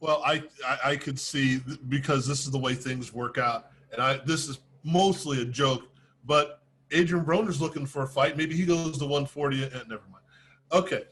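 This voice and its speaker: A man's voice: mid-range voice, fairly even intonation, moderate pace, fairly bright tone, husky. A man hosting a boxing talk show, chatting casually with joking asides.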